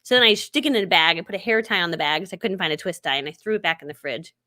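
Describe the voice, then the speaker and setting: A middle-aged woman hosts a live stream, spinning casual, chatty stories in a lowish, sharp-toned voice at a racing clip. She laughs often and acts out what people said.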